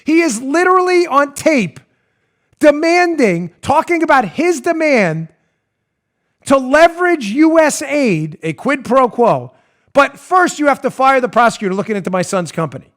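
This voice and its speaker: A man's voice: very high voice, normal speed. A male podcast host delivering an emphatic, sarcastic opinion monologue. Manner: emphatic, sarcastic, animated ranting. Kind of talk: opinionated talk show monologue.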